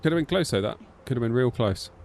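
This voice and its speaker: A man's voice: mid-range voice, expressive, quick pace, a little mellow. A British man in his thirties chatting casually to a live-stream audience, rambling with lots of filler like "sort of". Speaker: flight sim streamer.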